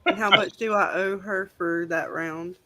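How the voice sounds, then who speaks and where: A woman playing a tabletop game with friends, lively and quick to laugh. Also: mid-range voice. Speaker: player.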